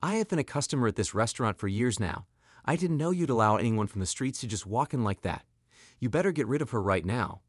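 A man's voice: medium pitch, expressive, quick pace, dry recording, clean studio sound, close to an everyday voice. A man voicing a snobbish rich woman diner who speaks scornfully.

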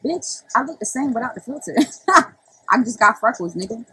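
A woman's voice: fairly high pitch, animated, moderate pace, pushed and bright, a little hiss or hum, low-quality recording. A young woman ranting casually on a phone livestream, brash and profane, often breaking into laughter.

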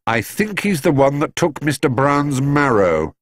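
A man's voice: mid-range voice, big pitch swings, measured pace, no echo, voice pushed up. A man voicing a polite, earnest young bear who patiently explains himself in a storybook reading.

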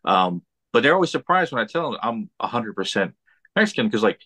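Animated man with a faint Southern touch. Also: medium pitch, normal speed. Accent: slight Southern. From Texas. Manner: animated, repeats words when getting started. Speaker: guest podcaster. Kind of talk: casual chat.

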